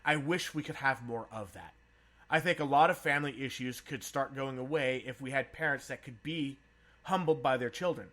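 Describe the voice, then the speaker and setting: A man's voice: mid-range voice, normal speed, a bit bright. A man from San Diego hosting a casual podcast chat, swearing freely and laughing often. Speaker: podcast host.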